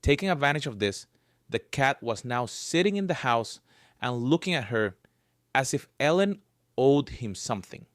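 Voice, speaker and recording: Male narrator, scripted storytelling, animated pitch, dry sound. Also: moderate pace, no echo.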